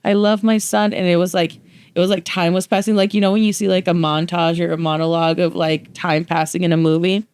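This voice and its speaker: A young woman co-hosting a podcast, telling stories in casual chat, animated and swearing freely. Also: on the low side, fast, clean tone. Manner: animated storyteller, swears freely, acts out quotes. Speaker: podcast co-host.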